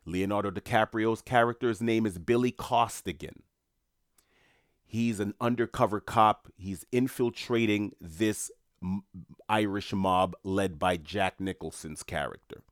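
New guy chatting to his viewers, rambling, lowish voice, dry close mic. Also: unhurried, dry recording. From New York. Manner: rambling, conversational, addresses viewers. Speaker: commentator. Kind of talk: casual monologue.

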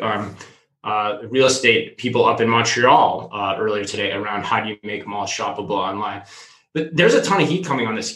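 A man co-hosting a retail news show, animated and jokey, chatting casually in bursts. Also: mid-range voice, roomy sound, rough recording.

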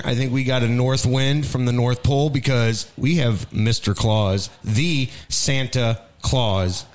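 Joking male show host, smoker's voice. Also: medium pitch. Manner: joking, rambling, affectionate banter. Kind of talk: casual chat.

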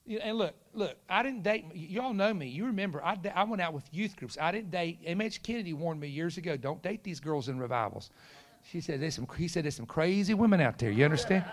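A man's voice: sits high, fast, hardly any pauses. A middle-aged man, preaching a storytelling sermon and acting out the voices of the people in his story. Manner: animated, acts out quoted voices, shouts punchlines.

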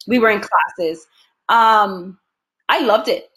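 A woman actress being interviewed, telling stories in an animated way and laughing often. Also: mid-range voice, slow. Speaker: actress, guest. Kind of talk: casual interview conversation.

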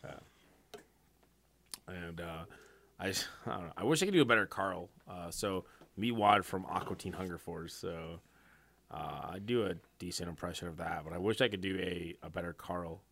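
Young male co-host, laid-back, joking, lowish bright voice, dry sound. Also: moderate pace, gravelly, no room sound. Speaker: podcast co-host. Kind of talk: casual chat.

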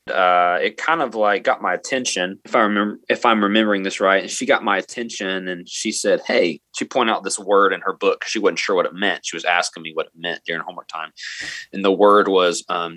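A man tells a story from his teaching life in an earnest, halting way, often restarting his sentences. His voice sits a little low but sounds bright and forceful. The recording is dry and close. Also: no room sound. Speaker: middle school math teacher, interview guest. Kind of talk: storytelling in a podcast interview.

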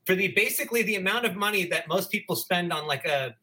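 High, very bright, lively man. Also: fast talker. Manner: upbeat, persuasive, making points. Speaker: podcast co-host. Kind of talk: casual analysis chat.

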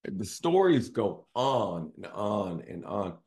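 Man, fairly low voice, casual storyteller, show host, conversational, keeps checking in with listeners. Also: sing-song, slow, a little mellow. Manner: conversational, often checks in with "right?". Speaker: real estate team CEO hosting a show.

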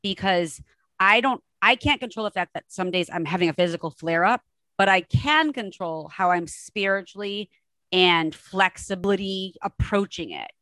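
A woman hosting a podcast, talking fast and enthusiastically in casual chat. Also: medium pitch, lively intonation, sharp tone, no echo. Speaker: podcast host.

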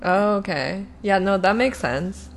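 A woman's voice: medium pitch, lively intonation, measured pace, slight background noise. A young woman co-hosting a podcast in casual chat, laughing often and trailing off mid-sentence. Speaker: podcast co-host.

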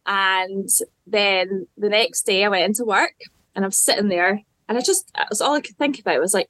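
A woman's voice: medium pitch, moderate pace, no room sound. A young woman from Scotland, telling the story of her proposal in casual chat, laughing and acting out her own lines. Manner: lively, laughing, quotes herself. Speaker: bride-to-be guest.

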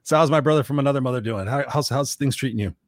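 An energetic man co-hosting a casual chat show, talking quickly and brightly about everyday moments. His voice is close and dry, with no room sound. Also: medium pitch, no echo. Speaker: co-host and life coach.

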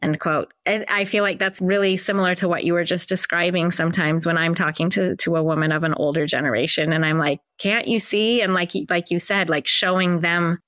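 A woman's voice: on the low side, fairly even intonation, brisk, few pauses, a bit bright, no echo. A woman hosting a podcast, speaking in a thoughtful, affirming, reflective way. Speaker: podcast host. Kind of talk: casual conversation.

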